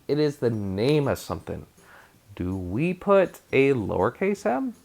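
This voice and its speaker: A man's voice: medium pitch, big pitch swings, moderate pace, vocal fry. A man teaching a spelling lesson to third graders, encouraging and sounding out words syllable by syllable.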